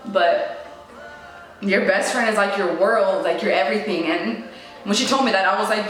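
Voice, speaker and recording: Young woman, personal testimony, casual slangy delivery, medium pitch, heavy room echo. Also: normal speed, long pauses, a bit bright. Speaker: storyteller. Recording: very echoey room with faint music.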